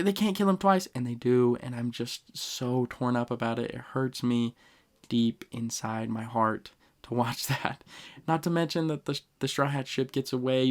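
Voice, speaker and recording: A young man with a mid-range voice hosts a podcast where he casually ranks anime moments, telling stories with animated emotion and plenty of slang.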